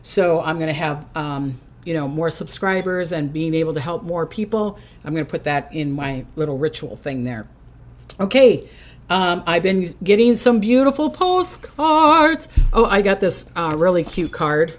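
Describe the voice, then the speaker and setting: A woman's voice: sits low, normal speed. Bubbly, hyper older woman. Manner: chatty, bubbly, giggly. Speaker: psychic host. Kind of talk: casual livestream chat. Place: home, in a recliner.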